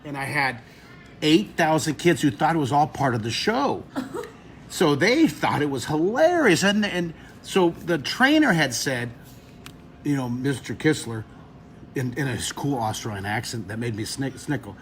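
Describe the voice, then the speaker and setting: A middle-aged man teaching drawing who tells stories to kids with big, lively swings of voice. He jumps into high squeals and acted quotes, then drops back to an easy, chatty tone, over a faint hiss. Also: measured pace. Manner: lively, expressive, jumps to shrieks for effect. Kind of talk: animated storytelling to kids.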